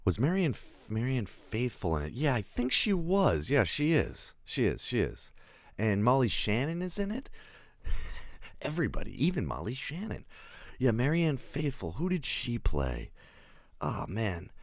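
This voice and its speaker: A man's voice: medium pitch, huge pitch swings, unhurried, dry recording. A man reviewing a film in a casual livestream, rambling, chuckling and answering live chat as he goes.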